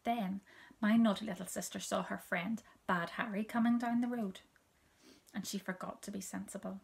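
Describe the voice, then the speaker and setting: A woman reading a children's story aloud, soft and gentle, often dropping to a whisper. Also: medium pitch, steady tone, moderate pace, gravelly.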